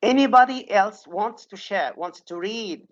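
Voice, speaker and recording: A woman teaches English pronunciation in an online webinar, patiently repeating example words and frequently checking in with "okay?". Her voice is medium in pitch and measured in pace. There's no room sound, and the webinar audio is dull and lo-fi.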